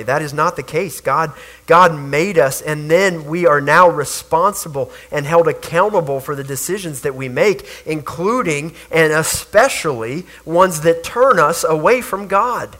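A man's voice: a little high, measured pace, a bit bright. A man preaching a sermon, earnest, with rhetorical questions and repeated words. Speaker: pastor.

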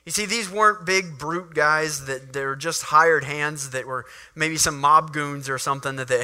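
A male preacher delivers an animated sermon, reading verses and breaking into little acted moments. His voice is very bright and slightly high-pitched, with a lively, engaging delivery. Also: moderate pace, few pauses. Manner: animated, acts out scenes.

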